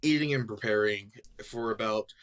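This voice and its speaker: A man plays a tabletop game in an easygoing, casual way. His voice sits somewhat low. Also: moderate pace, a bit bright. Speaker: player. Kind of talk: casual tabletop role-play.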